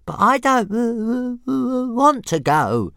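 A man's voice: very high voice, sing-song, takes it slowly, creaky, fairly bright tone, clear, resonant tone, no echo, clean studio sound, voice pushed up, exaggerated voice. A man voicing a small, stubborn young dragon who stutters on the first sound of his words. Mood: whiny stubborn. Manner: stutters on each word start.

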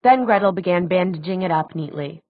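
A woman narrating an audiobook in a measured, even storytelling manner. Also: on the low side, dry recording, phone-quality sound.

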